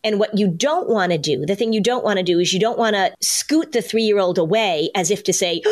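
A woman's voice: medium pitch, fairly quick, few pauses. A middle-aged woman hosting a parenting podcast, giving advice in casual chat and acting out what parents and kids might say. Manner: animated, acts out parent and child lines. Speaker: podcast host, parenting anxiety expert.

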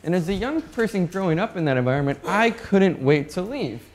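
A young man from North Dakota giving a lively, jokey conference keynote and asking the audience questions. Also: sits high, fairly quick. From North Dakota, USA. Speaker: keynote speaker. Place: conference hall.

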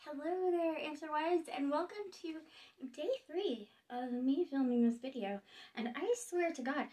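A bubbly woman in her late thirties rambling through an unboxing vlog with gushing excitement. Her voice sits high and bright. She sounds a little distant from the mic. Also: moderate pace. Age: 30s. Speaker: vlogger.

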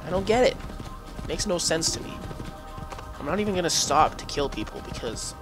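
A man giving casual, rambling commentary while playing a video game, chuckling and talking back at the game. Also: mid-range voice. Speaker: gameplay commentator. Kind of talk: casual let's-play commentary. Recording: voice over loud game music. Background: game music.

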